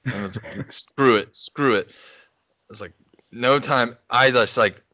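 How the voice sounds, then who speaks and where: A man's voice: mid-range voice, unhurried, bright, forceful tone, no room sound. A young man casually telling a crude, rambling story on a podcast, laughing as he goes. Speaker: podcast co-host.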